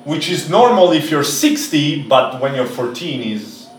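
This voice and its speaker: A man from Italy telling stories in a casual chat, animated and swearing often, acting out the voices of other people. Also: a little high, measured pace, echoey room, far from the mic, a little hiss or hum. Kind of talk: casual storytelling.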